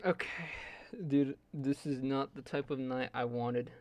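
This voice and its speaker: A man's voice: mid-range voice, takes it slowly, no echo. A young man streaming live, ranting in an exasperated, joking way and swearing heavily while his setup fails. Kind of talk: casual live-stream rant.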